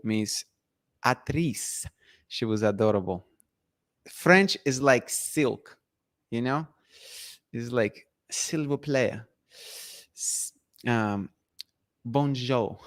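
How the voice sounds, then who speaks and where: A man's voice: medium pitch, a bit bright, dry recording, clean studio sound. Chatty man. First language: Russian. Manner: chatty, laughs often, trails off and restarts. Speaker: livestream host. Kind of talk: casual livestream chat reading comments.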